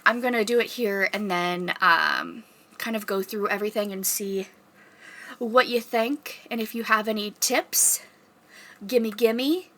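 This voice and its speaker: A woman's voice: mid-range voice, sharp tone. A woman chatting to camera in a casual vlog, nervous and self-conscious as she rehearses and gives herself tips. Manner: chatty and playful. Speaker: vlogger practicing for a librarian job interview.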